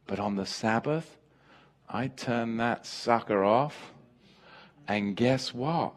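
Slow-speaking American preacher man. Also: medium pitch. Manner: emphatic, jokes and laughs with the congregation. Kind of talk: sermon.

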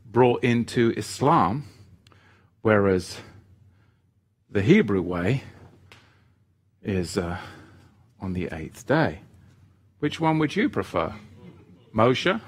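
A male Bible teacher speaks in a sermon style, pleading earnestly and coming back to key phrases. His delivery is slow and deliberate. His pitch rises and falls widely as he tells stories. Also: big pitch swings, slightly rough.

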